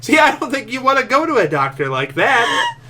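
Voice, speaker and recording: A man's voice: extremely high pitch, sing-song, brisk, sharp tone, slight background noise. A man hosting a podcast in casual, teasing, jokey chat. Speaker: podcast host.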